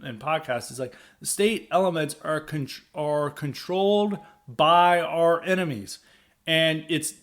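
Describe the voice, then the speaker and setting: A man's voice: a little high, a bit bright. A man hosting a podcast, delivering a rambling political commentary monologue full of fillers, with emphatic bursts. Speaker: podcast host.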